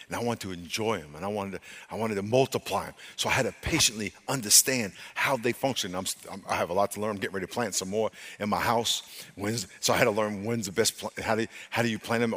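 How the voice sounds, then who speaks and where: A man preaching a sermon as pastor, moving between loud emphatic stretches and quiet, hushed talk, often restarting his phrases. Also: lowish voice. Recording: long hall reverb.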